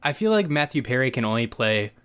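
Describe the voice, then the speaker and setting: A man's voice: medium pitch, big pitch swings, a little fast, fairly bright tone, clear, resonant tone. A man in casual podcast chat, loosely retelling a TV episode with restarts and asides. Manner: loose, rambling storyteller with restarts. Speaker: podcast co-host.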